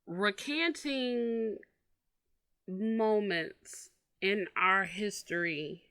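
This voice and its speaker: A woman co-hosting a casual podcast chat, listening closely and then telling her own story. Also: mid-range voice. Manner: unhurried, gives steady listening backchannel. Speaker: podcast co-host.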